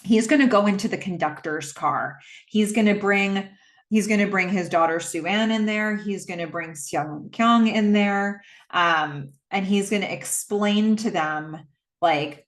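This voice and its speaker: A woman with a mid-range, slightly slow voice casually recaps a film's plot as a movie recap host. She chats along with plenty of fillers and is clearly moved by the story.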